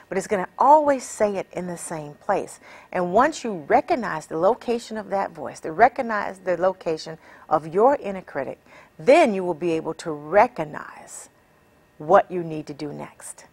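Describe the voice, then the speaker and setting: A woman giving a motivational teaching talk as an empowerment coach, measured and encouraging, asking her listeners many questions. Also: medium pitch, expressive.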